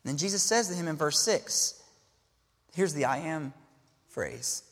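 A man preaching a sermon as pastor, expressive, dropping to a hush and then rising to exclaim. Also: on the high side, moderate pace. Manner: expressive, swinging between hushed and exclaiming. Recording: long reverb of a large hall.

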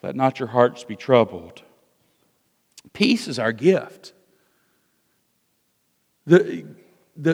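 Man preaching in a reverberant hall. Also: medium pitch. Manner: expository preaching, shifts from loud emphasis to hushed asides. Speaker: pastor. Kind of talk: sermon.

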